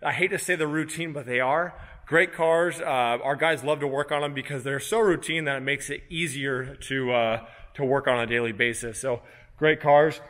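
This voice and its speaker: A man giving a casual walk-through of his car protection shop, relaxed and chatty with lots of "uh" fillers. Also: mid-range voice, moderate pace, long reverb tail. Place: large car workshop.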